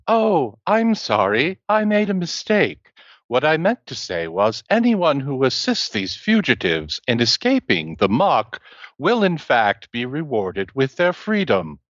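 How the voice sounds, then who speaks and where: A man's voice: medium pitch, huge pitch swings, a little slow, no echo, muffled recording. A man voicing a male robot putting on a fake, overly friendly intercom announcement.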